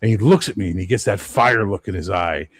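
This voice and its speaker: A Canadian man in his fifties, a game master chatting as a podcast guest, swearing freely and telling animated stories. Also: lowish voice, fast, no echo. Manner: profane, animated storyteller. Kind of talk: casual chat.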